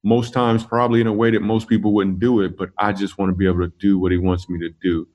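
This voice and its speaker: A man, a comedian, telling funny personal stories in an interview, animated and laughing through his jokes. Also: fairly low pitch, fast. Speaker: comedian guest. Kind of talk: casual interview storytelling.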